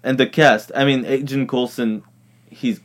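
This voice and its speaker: A man's voice: medium pitch, steady tone, unhurried. Joking man running podcast news. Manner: joking, rambling, laughs at own jokes. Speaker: podcast host reading news. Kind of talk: casual chat.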